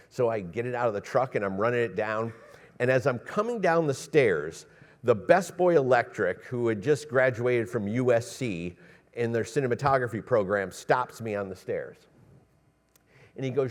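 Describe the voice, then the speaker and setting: A middle-aged man, a cinematographer, telling stories on an expo stage with lively quoted voices and laughter. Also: medium pitch, moderate pace. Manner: animated storyteller, acts out quotes, laughs often. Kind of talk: storytelling on a panel. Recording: reverberant expo hall.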